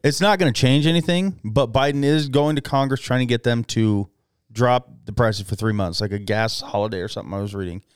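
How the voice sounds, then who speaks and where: A man's voice: medium pitch, brisk, smooth, no room sound, clean studio sound. A man co-hosting a casual podcast chat, explaining things and teasing his friends. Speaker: podcast co-host.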